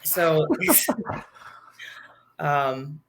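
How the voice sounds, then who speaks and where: A woman's voice: deep voice, drawn-out words, fairly bright tone. Young adult woman, podcast guest, candid and chatty with easy laughs. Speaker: guest, new mother. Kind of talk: casual podcast chat.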